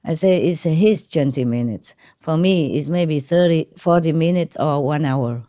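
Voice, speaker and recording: A woman spiritual teacher talks informally to her disciples in a low, warm, mellow voice. She rambles, laughs often and keeps checking in with her listeners. Her English is slightly non-native, and she switches easily into Chinese. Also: a little slow. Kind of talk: informal talk to a gathered audience.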